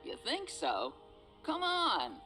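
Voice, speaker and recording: An actress voicing a blunt, strong-willed female mercenary in a video game, talking in a gruff, bossy, sardonic way. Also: sits high, wildly swooping pitch, slow, pushed and bright, faint music behind, full character voice, poor audio. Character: tough, blunt woman survivalist mercenary.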